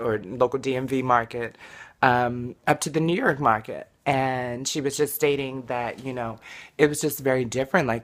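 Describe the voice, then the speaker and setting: A woman talks straight to camera in a casual vlog, blunt and peppered with curses. Her voice sits remarkably low, and a tickle in her throat shows. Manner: blunt, profane, irritated rant. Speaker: model and vlogger.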